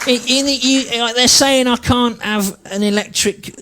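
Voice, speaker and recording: A woman's voice: on the high side, fairly even intonation, measured pace, heavy background noise, pitched above the performer's own voice, lightly acted. A man putting on a rambling bigoted old nan. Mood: shrill outrage. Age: older. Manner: rambling, complaining. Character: indignant elderly grandmother, rambling and bigoted.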